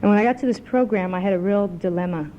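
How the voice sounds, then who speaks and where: A woman's voice: mid-range voice, quick pace, muffled recording, a little hiss or hum. A woman speaking at a recovery meeting, a chatty, self-mocking storyteller who tells a joke. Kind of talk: personal recovery talk with a told joke. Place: club meeting room.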